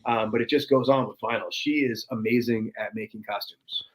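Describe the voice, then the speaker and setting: A man's voice: fairly low pitch, fairly even intonation, fairly quick, low-quality recording. A young man guest chatting casually on a podcast, often slipping into a brash, growly wrestler-impression drawl. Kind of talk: casual interview chat.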